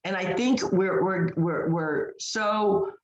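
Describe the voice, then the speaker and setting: Taking her time, a woman with a fairly low voice tells a story as a podcast co-host. Her casual talk is emphatic and riddled with fillers and restarts, and the lo-fi sound comes from an echoey room.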